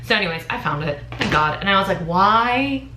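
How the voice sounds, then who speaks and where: Bright-voiced young woman telling a story. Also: deep voice, racing, slight background noise. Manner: animated, dramatic storytelling with laughs. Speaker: vlogger. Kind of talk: casual storytime vlog. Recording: echoey room.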